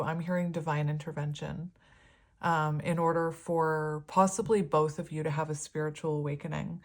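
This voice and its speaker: A woman's voice: deep voice, fairly even intonation, moderate pace. A woman giving a casual, rambling tarot reading, her words slightly slurred. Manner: rambling, chatty, laughs often. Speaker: tarot reader.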